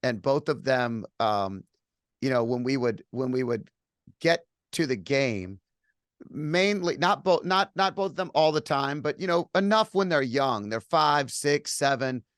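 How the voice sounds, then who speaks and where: A man's voice: medium pitch, lively intonation, unhurried, a bit bright, clean tone, dry recording, studio quality. A man in his forties hosting an interview, sharing a personal story in an earnest, conversational way. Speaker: podcast host.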